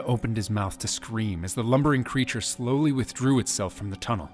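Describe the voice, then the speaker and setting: A man's voice: medium pitch, a little fast, hardly any pauses, soft background music. A man giving a dramatic scripted narration of an audiobook. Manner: dramatic storytelling.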